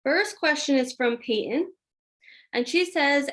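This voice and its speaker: Speaking at a measured pace in a high, fairly bright voice, this woman chats casually through parenting questions during a live video-call Q&A, using lots of fillers.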